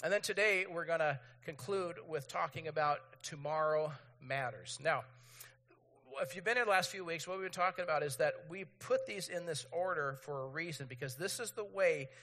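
A man preaching a sermon to his congregation as pastor, animated and acting out impatient voices. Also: a little high, moderate pace, in a large hall.

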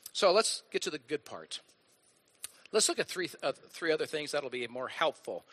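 Bright-voiced man preaching emphatically. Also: on the high side, dry recording. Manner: animated, emphatic preaching with rising bursts. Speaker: pastor. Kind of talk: sermon.

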